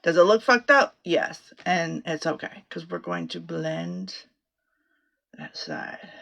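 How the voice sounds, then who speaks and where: A woman's voice: lowish voice, takes it slowly, creaky, a bit bright. A middle-aged woman chatting casually through a makeup tutorial from a small home office closet. She rambles and swears freely. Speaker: makeup vlogger.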